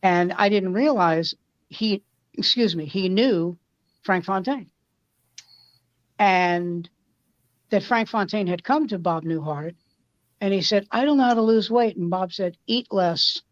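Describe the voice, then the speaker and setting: Animated storytelling woman comedian. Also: lowish voice, slow, pauses often, dry recording, dull audio. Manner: animated anecdote telling with quoted voices. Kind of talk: casual storytelling chat.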